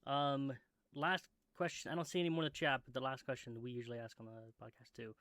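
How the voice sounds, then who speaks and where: A man hosting a podcast, asking questions in a relaxed casual way. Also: mid-range voice, fast, no room sound. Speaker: podcast host. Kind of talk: casual chat.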